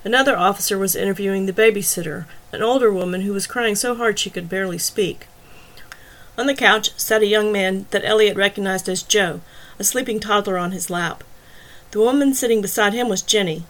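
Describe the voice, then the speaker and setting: Brief: female audiobook narrator, steady scripted storytelling, mid-pitched. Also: brisk.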